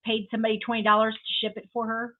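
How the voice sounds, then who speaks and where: A woman hosts a crafting live stream and chats with her guest, chiming in with friendly, encouraging remarks. Her voice is fairly high, and it comes through thin and tinny, as if over a phone line. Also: monotone, fast. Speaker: livestream host. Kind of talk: casual chat with a guest.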